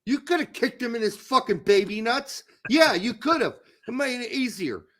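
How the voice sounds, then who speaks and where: A man's voice: extremely high pitch, lively intonation, normal speed, bright, forceful tone. A man co-hosting a casual sports podcast, ranting with heavy profanity and sudden explosive outbursts. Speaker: podcast co-host.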